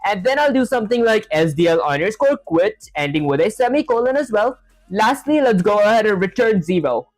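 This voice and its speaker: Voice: medium pitch, animated, a little fast, no room sound, low-quality recording. Chatty live coder narrating each step. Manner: talks through each step, leans on "honestly" and "that said". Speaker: streamer learning to code live. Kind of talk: live coding stream, reading chat aloud.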